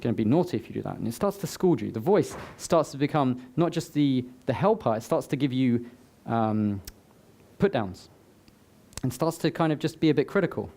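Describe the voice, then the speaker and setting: A man's voice: mid-range voice, expressive, moderate pace, dark tone. A man giving a motivational talk to a live audience, conversational, with joking asides to the crowd. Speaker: summit speaker. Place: live event before an audience.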